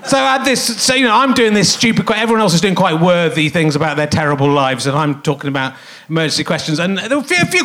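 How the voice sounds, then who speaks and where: High, bright-voiced comic host. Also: male voice. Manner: rambling, self-mocking, chuckling at his own jokes. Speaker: comedy podcast host. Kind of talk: live stand-up style monologue. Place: theatre stage before a live audience.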